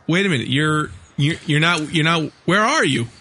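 A young man co-hosting a rowdy radio show, loud and crude, teasing a caller and laughing. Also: a little high, lively intonation, moderate pace, slight background noise. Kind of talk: rowdy casual talk with a caller.

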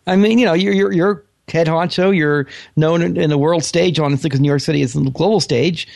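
A man's voice: on the high side, steady tone, gravelly, darkish tone, no room sound, clean studio sound. A man co-hosting a casual radio show, rambling through his points with many fillers. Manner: rambling, fast, lots of fillers. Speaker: radio co-host. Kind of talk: casual talk radio banter.

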